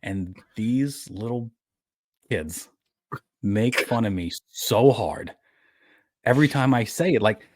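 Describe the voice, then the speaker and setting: A man's voice: mid-range voice, animated, slow pace, long pauses, slight background noise. A man with a New York accent on a podcast, talking casually and rambling, often restarting his sentences. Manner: rambling, self-correcting storyteller. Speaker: podcast co-host. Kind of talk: casual chat.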